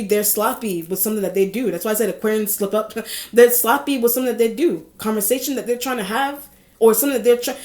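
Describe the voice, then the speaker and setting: A woman's voice: on the high side, darkish tone. A woman giving a casual tarot reading, rambling and repeating herself with frequent small laughs. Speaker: tarot reader. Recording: echoey room.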